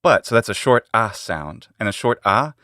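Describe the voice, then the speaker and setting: A man guesting on a talk show as a linguist, calmly explaining pronunciation. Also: on the low side, normal speed, no room sound, clean studio sound. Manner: calm, explanatory.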